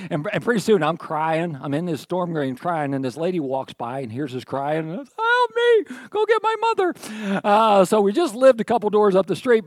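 Man, middle-aged, pastor, sermon, folksy storytelling, slightly high voice, dry close sound. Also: a bit bright, dry recording. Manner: conversational, folksy storytelling with frequent "okay?".

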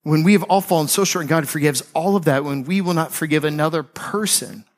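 A man preaching a sermon as a pastor, telling a Bible story in a casual, animated way with slangy asides. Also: fairly high pitch, brisk.

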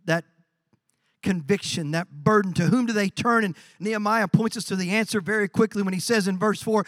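Male pastor preaching, high bright voice, goes from hushed to shouting, dry sound. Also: a little fast, dry recording. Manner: animated preaching, acting out quoted voices, swings from quiet to shouting. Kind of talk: sermon. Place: church.

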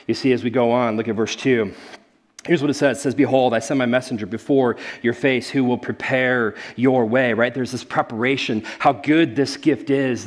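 A man preaching a sermon in a conversational, animated way, often calling his listeners guys. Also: mid-range voice. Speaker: pastor.

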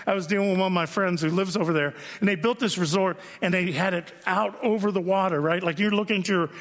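Man, pastor, sermon, conversational storytelling, high voice, long hall reverb. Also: fast talker, a bit bright. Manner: conversational storytelling, frequent "right?" asides. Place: church sanctuary.

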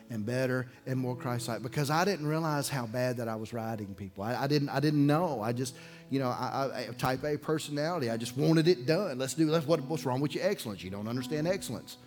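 A man from preaching a sermon as pastor, telling a personal story with loud bursts and hushed low passages. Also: a little fast, faint music behind. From Alabama.

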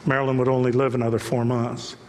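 A middle-aged man preaching a sermon as pastor, telling personal stories and building to loud, animated peaks. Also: medium pitch, fast talker. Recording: long reverb of a large hall.

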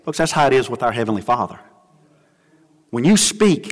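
A man preaching a sermon as pastor, earnest, dropping low and soft for scripture and stories. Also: lively intonation, fairly quick, big-room sound. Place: church sanctuary.

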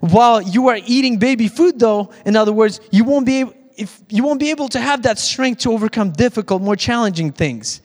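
A man's voice: sits high, expressive, a little fast, hardly any pauses. A man preaching a conversational sermon as pastor, with frequent restarts, in a church sanctuary. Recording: long church hall reverb.

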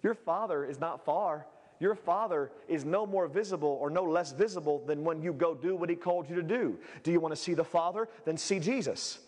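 A male pastor preaching a sermon, swinging between shouted peaks and low, quiet asides. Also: brisk, in a large hall.

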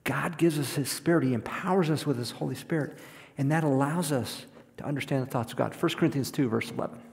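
A man's voice: mid-range voice, quick pace, creaky, a little mellow. A man preaching a sermon in a conversational way, often repeating words as he goes. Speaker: pastor. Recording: long hall reverb.

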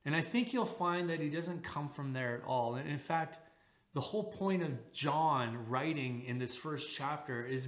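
Male pastor, slightly high voice, chatty animated sermon delivery, echoey church room. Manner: conversational, animated preaching with frequent restarts.

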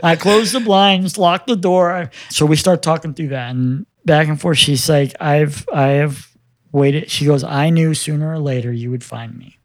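A man's voice: a little high, steady tone, unhurried, dry recording. A man in his fifties telling his life story in a casual interview, earnest and quoting the dialogue as he goes. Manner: earnest, quotes dialogue as he tells it.

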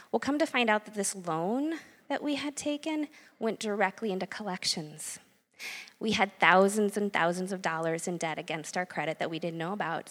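A woman's voice: mid-range voice, a bit bright. A middle-aged woman giving a candid, earnest personal faith testimony to an audience. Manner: candid and earnest, frank about anger. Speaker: church speaker sharing a testimony. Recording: long hall reverb.

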